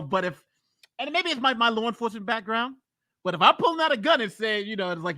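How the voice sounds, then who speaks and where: Lively high-voiced man, blunt commentary. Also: fast talker, dry recording. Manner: blunt, emphatic, thinks out loud. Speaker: lawyer reacting to a trial. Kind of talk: casual reaction commentary.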